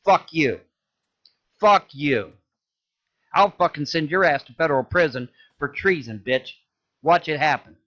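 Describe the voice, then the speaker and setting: High-voiced man ranting angrily. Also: lively intonation, unhurried, pauses often. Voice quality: loud, cursing, repeats himself. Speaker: ranting video creator. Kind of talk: angry profane rant. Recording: dull lo-fi audio.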